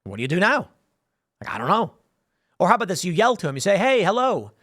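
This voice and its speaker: A man delivering heated political commentary in a voice that sits a little high for a man. He talks emphatically and wanders between points, acting out other voices as he goes. The recording is close and dry, with no room sound. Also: sing-song, fast talker, a bit bright, dry recording. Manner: emphatic, rambling, acts out voices in scenarios.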